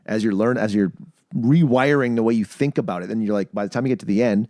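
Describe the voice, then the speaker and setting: A man hosting a casual podcast, telling stories with lively, acted-out quotes. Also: fairly low pitch, quick pace, no echo, studio quality. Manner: animated storyteller, acts out quoted voices. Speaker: podcast host.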